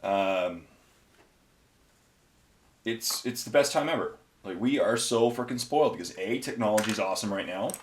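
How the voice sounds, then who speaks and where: A man's voice: on the low side, lively intonation, moderate pace, long pauses. A man hosting a hobby painting video, chatting casually and rambling with many fillers while he paints miniatures.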